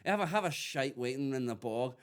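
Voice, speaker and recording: A man chats as a podcast guest, rattling along at a quick clip. He swears freely and spins joking rants. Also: mid-range voice, animated, smooth. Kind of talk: casual chat.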